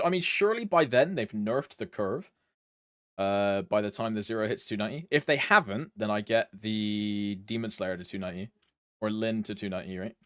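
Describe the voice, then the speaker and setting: A man's voice: on the low side, normal speed, a bit bright, no room sound. A young man from Britain chatting casually with his live-stream chat, rambling and humming between lines. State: allergies flaring up.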